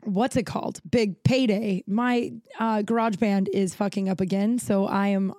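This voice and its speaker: A woman in her thirties hosts a solo podcast from a home setup, chatting casually and rambling with lots of fillers, restarts and self-interruptions. She sounds tired and yawns, her medium-pitched voice dark and steady at a moderate pace, with no echo.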